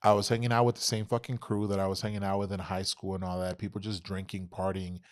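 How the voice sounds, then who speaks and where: Deep-voiced and fast-talking, this thirty-something podcast guest from Texas spins casual interview stories full of swearing, animatedly performing what everyone said.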